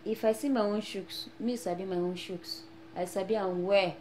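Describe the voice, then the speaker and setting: An actress playing a brash young Nigerian woman just arrived in America, speaking with a Nigerian Pidgin accent and boasting loudly. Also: mid-range voice, fairly even intonation, normal speed, lightly acted. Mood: pleading. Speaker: newly arrived immigrant. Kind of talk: film acting. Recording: echoey room, faint noise.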